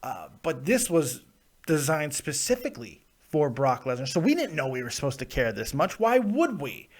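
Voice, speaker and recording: A man hosting a live wrestling review show, ranting with lots of swearing and laughs, and he is coming down with a cold. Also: mid-range voice. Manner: ranting, profane, laughs often. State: getting sick, plugged ears. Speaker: podcast host.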